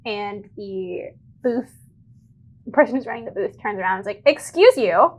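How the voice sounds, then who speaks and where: A woman's voice: medium pitch, fairly even intonation, moderate pace, highs cut off. A young woman, running a tabletop game as game master, chatty and full of filler words.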